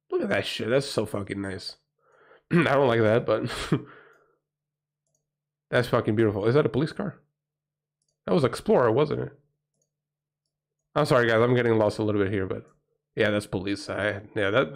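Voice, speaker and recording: A man's voice: mid-range voice, lively intonation, moderate pace, creaky, pauses often. Swearing, rambling Portuguese-accented man. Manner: rambling, profane, exclamatory. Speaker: livestream host. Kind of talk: casual livestream chat.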